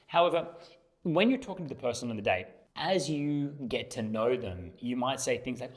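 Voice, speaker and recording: A man's voice: mid-range voice, animated, moderate pace. A young man as a dating coach, explaining emphatically and acting out examples. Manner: emphatic, illustrates with acted examples. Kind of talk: explanatory talk to camera.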